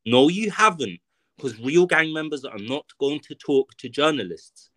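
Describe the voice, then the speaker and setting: A man's voice: fairly high pitch, lively intonation, moderate pace, a bit bright, no room sound. Blunt, profane London man. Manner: blunt, profane, emphatic ranting. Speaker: author and podcast guest. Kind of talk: casual podcast conversation.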